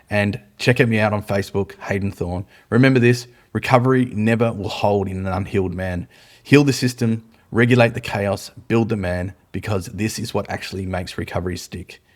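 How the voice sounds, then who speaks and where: A man hosting a recovery podcast, speaking in firm, declarative, punchy statements. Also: lowish voice. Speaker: podcast host. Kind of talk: motivational podcast monologue.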